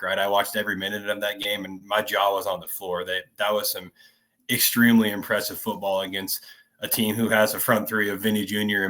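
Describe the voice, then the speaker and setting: A man's voice: lowish voice, sharp tone. A man co-hosting a casual football podcast, talking in an emphatic, opinionated way and often tagging his points with "right?". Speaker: podcast co-host.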